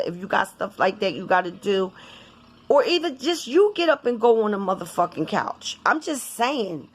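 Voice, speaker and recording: A woman vlogger talking casually and bluntly to her viewers, cursing often in an animated, informal way. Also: fairly high pitch, moderate pace. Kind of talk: casual vlog rant.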